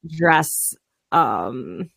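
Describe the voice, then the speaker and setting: A woman co-hosting a podcast in casual chat, lively and quick to laugh. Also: low-pitched, creaky, breathy edge, no echo, studio quality. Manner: lively, laughs often, reads posts aloud. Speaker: podcast co-host.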